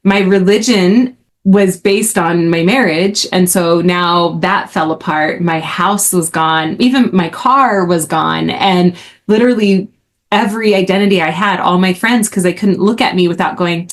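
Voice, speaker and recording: Chatty woman telling a personal story. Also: measured pace. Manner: chatty, frequent "like", rises in pitch when excited. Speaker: podcast host.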